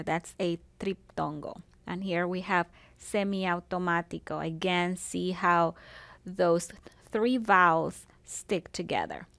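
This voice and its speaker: A woman's voice: mid-range voice, fairly bright tone, no echo. A woman teaching a Spanish class on video, explaining grammar in a patient way and checking in with "okay" and "see".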